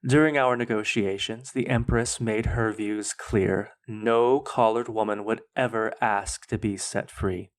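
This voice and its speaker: A man hosting a podcast, reading his own fan fiction aloud in a measured, dramatic way. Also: on the low side, fairly even intonation. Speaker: podcast host.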